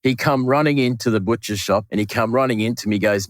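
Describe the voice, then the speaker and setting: An Australian butcher recounting a late coworker in an emotional interview, with halting restarts and acted-out dialogue. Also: male voice, mid-range voice, fairly even intonation, no echo, clean studio sound. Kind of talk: interview recollection.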